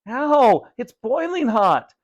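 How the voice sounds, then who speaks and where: A panicked young boy, as a man plays him, shrieking and wailing for help. The voice sits high and loud, frantic in every word. A storybook reading of a spooky tale. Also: very animated, slow, dry recording, exaggerated voice.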